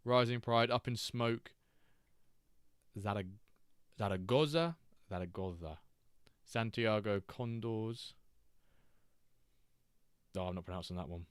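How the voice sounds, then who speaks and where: A man's voice: lowish voice, slow, long pauses, smooth, dry recording, studio quality. A man hosting a live stream, chatting casually and joking as he reacts to chat and the games.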